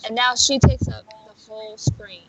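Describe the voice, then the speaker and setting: A woman co-host chatting casually over a video call, teasing with quick quips. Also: on the high side, steady tone, crowd noise. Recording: muffled lo-fi stream with clear noise.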